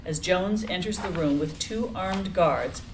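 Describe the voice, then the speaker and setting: A woman narrating the action lines of a screenplay reading in an even, descriptive way. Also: on the low side, measured pace, slight background noise, rough recording.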